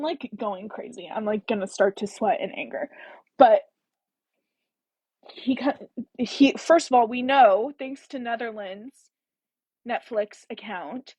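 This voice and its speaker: A woman hosts a casual book-chat livestream in a fairly high, slightly husky voice. She talks in an animated, chatty way and reacts to viewer comments as she goes. The sound is dry and close. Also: dry recording, low-quality recording. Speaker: book club host.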